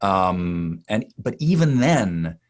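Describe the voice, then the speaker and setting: Guy in his 40s, dialect coach, slightly low voice, talks it through slowly with lots of ums and restarts. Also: big pitch swings. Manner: thoughtful, with many fillers and restarts. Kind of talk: conversational interview answer.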